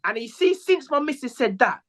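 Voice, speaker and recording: A man's voice: very high-pitched, very animated, moderate pace, fairly bright tone. A man, co-hosting a casual football podcast, telling stories animatedly, acting out quotes and swearing freely. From England. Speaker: podcast co-host, former footballer. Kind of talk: casual chat.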